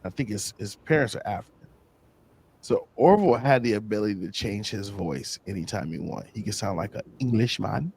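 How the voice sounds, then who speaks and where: A man being interviewed, telling casual stories in a slangy, animated way and acting out other people's lines. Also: fairly low pitch, a little fast, vocal fry, husky. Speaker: interview guest. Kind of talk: casual storytelling.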